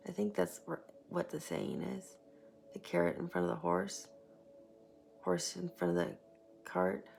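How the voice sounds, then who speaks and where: A woman giving a casual tarot reading, chatty and rambling, sometimes sinking into a soft whisper. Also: on the low side, sing-song, measured pace, creaky, a little hiss or hum. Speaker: tarot reader.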